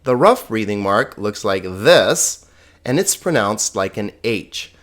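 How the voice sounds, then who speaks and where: Middle-aged guy teaching a recorded lesson, easygoing, kinda low voice. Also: slow. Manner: relaxed, plain explanations with small asides. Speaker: Greek teacher. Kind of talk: recorded lesson explaining slides.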